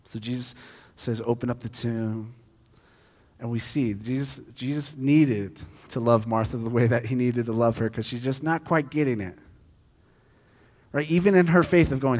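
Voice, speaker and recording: A man preaching a sermon, shifting between quiet, hushed stretches and loud, intense passages. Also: mid-range voice, moderate pace, big-room sound. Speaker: pastor.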